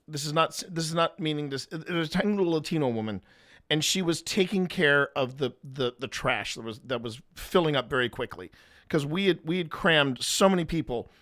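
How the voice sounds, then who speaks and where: A man's voice: fairly high pitch, fairly bright tone. A man co-hosting a live-streamed podcast, telling a long story in a rambling way with restarts and laughter. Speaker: podcast co-host.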